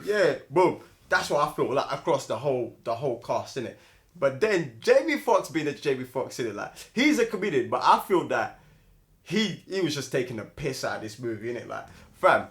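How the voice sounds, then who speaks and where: A man's voice: medium pitch, very animated, moderate pace, a bit bright. A young man, co-hosting a casual movie review with emphatic, slangy talk. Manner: slangy, emphatic, laughs often. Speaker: podcast co-host.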